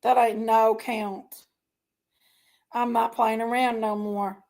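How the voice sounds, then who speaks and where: A woman ranting to her viewers in a heated, casual way. She is emotional and fired up, and keeps telling herself to calm down. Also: fairly high pitch, takes it slowly. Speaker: online commentary streamer.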